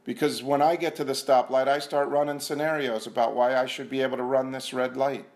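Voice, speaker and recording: A man giving an earnest, self-mocking personal testimony at a recovery meeting, repeating himself and sometimes dropping to a hushed voice. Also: mid-range voice, flat delivery, brisk. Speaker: speaker sharing at a recovery meeting. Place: meeting room.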